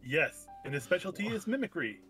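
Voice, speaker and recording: A man chiming in with quick remarks as a co-host in a casual chat. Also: high-pitched, very animated, fairly bright tone, soft background music. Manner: quick interjections.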